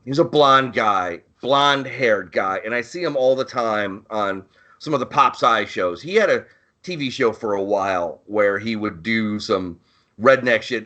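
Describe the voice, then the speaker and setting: A man's voice: lowish voice, pushed and bright. A man co-hosting a podcast in casual chat, rambling and profane, often searching for his words. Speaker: podcast co-host.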